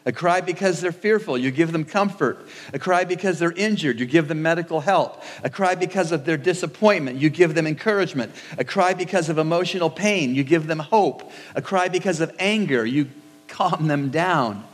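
A man preaching a sermon as pastor, in a measured, repetitive cadence in a church sanctuary. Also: a little high, in a large hall.

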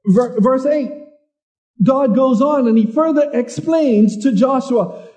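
A man preaching a sermon in a conversational way, who repeats words and reads scripture slowly. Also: very high voice, dark tone.

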